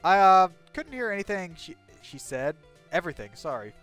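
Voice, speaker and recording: A man's voice: sits high, sing-song, moderate pace, a bit bright, soft background music, voice pushed up. A man voicing a shy, polite little girl from a game who speaks timidly, with hesitant stops.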